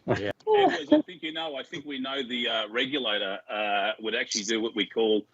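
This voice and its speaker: Bright husky man telling pub jokes. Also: mid-range voice, sing-song, normal speed, no room sound. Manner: storytelling, chuckles often. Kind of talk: casual joke telling. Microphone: video call. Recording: dry, muffled video call audio.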